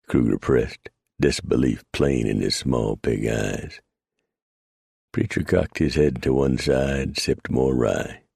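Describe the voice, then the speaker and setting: A man narrating a western audiobook in a steady storytelling read. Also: a bass voice, a little slow, creaky, slightly rough, dry recording, studio quality. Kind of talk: scripted narration.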